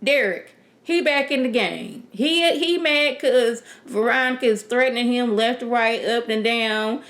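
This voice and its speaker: A woman casually reviewing a TV episode in a sassy, animated, rambling way. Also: fairly high pitch, a little slow. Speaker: TV show reviewer. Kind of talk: casual chat.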